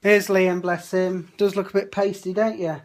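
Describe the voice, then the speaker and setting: A man's voice: sits high, level tone, normal speed, a little mellow. A man, chatting casually into his phone about his day at home, grumbling with indignant asides. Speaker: vlogger. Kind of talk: casual vlog chat. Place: family home. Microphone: phone held at arm's length.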